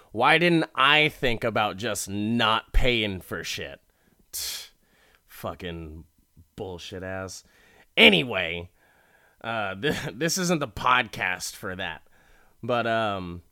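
Podcast host, male, low smooth voice, profane, chatty storyteller who acts out quotes. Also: sharp tone, no echo, studio quality. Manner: profane, laughing, acts out characters' lines. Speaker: podcast host recapping a TV episode. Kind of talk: casual storytelling recap.

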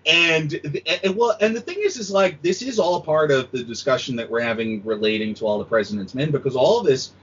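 Male critic as a podcast guest, lively and mocking, slightly raspy, lo-fi recording. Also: mid-range voice, a little fast, hardly any pauses. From United States. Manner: animated, sweary, mocking quoted voices. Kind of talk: casual podcast chat. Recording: dull lo-fi audio.

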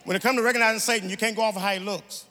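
A man preaching a sermon as guest preacher in a large church, his rhythmic delivery swelling into shouted, sung cadences. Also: sits high, steady tone, rapid-fire. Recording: echoey hall, faint room ambience.

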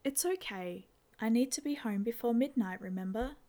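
A woman reading as a sad, soft-spoken teenage girl. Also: on the high side, normal speed, lightly acted.

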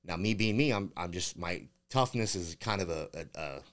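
Deep-voiced man telling a profane fight story. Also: animated, normal speed, fairly bright tone. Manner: rambling, profane storytelling with many fillers. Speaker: bare-knuckle fighter guest. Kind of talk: casual podcast interview.

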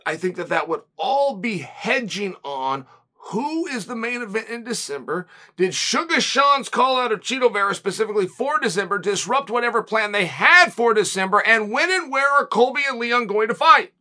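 With a high, animated voice that's pushed and bright, a man running his own show fires off rhetorical questions at speed, giving blunt and emphatic opinionated commentary.

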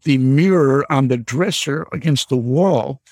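An older man in his seventies tells a ghost story from his youth as a caller on a show. He speaks slowly and deliberately, pausing often. His voice sits in the middle range and is recorded dry and close. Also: mid-range voice, darkish tone, no room sound. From Michigan. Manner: slow, deliberate storytelling with frequent "uh" pauses. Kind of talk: storytelling on a radio call.

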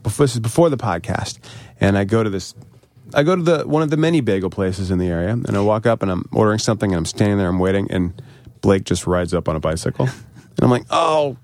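A man hosting a podcast, telling a story excitedly and thanking the people who helped. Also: fairly low pitch, fast, no echo. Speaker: podcast host. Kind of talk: casual chat.

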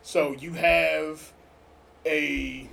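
A man's voice: on the high side, fairly even intonation, very slow, creaky, poor audio. A man co-hosting a casual podcast, giving blunt, profane relationship advice. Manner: blunt, profane, preachy advice with sudden loud laughs. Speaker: podcast co-host.

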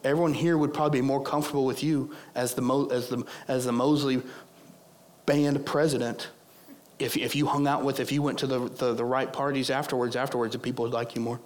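A hoarse man acting out a sly male devil who pushes and coaxes, in a sermon. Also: medium pitch, flat delivery, a little fast, close to an everyday voice. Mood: persuasive. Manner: coaxing, pushy. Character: sly male devil tempting with smooth persuasion.

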